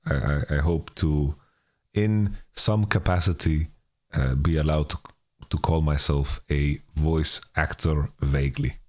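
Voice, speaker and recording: A man hosting a casual podcast interview with a mixed international accent, halting restarts and frequent laughs, on a home studio microphone. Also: rumbling low, steady tone, darkish tone. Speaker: podcast host.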